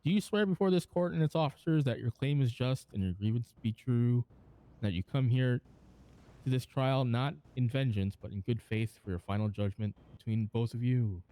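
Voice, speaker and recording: A man's voice: medium pitch, moderate pace, dark tone, low-quality recording. A man acting as a judge in a roleplay, delivering an improvised formal oath with small stumbles.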